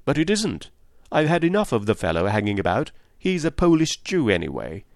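A man reading an audiobook plays an agitated, proud country gentleman who blusters and pleads by turns, raising his voice. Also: mid-range voice, huge pitch swings, a little fast, vocal fry, dry recording, studio quality, pitched above the performer's own voice.

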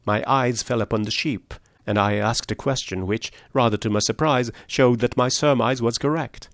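A man reading a story aloud, voicing a shrewd male detective who lays out his deductions in a measured, precise way. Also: mid-range voice, dry recording, studio quality, close to an everyday voice. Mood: explaining.

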